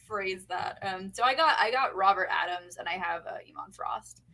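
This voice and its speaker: A woman's voice: medium pitch, sharp tone. A young woman co-hosting a podcast, chatting casually and bubbly with many fillers. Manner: bubbly, fast, lots of fillers. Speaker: podcast co-host. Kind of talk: casual chat.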